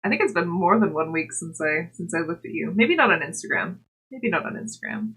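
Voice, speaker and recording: A young woman livestreamer knits while chatting casually with her live chat, giggly and talkative. Her voice is on the low side, husky and fairly bright, animated and fairly quick.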